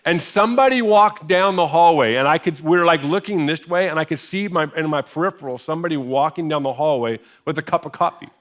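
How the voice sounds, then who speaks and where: A middle-aged American pastor preaching in a church, telling a personal story in a conversational way with self-deprecating humor. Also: male voice, fairly high pitch, quick pace, hardly any pauses, fairly bright tone. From United States. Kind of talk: sermon storytelling. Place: church sanctuary.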